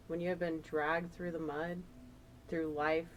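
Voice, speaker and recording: A woman's voice: deep voice, flat delivery, a little slow, a little hiss or hum, low-quality recording. A woman giving a casual, emotional tarot reading, chatty and rambling with fillers. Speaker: tarot reader.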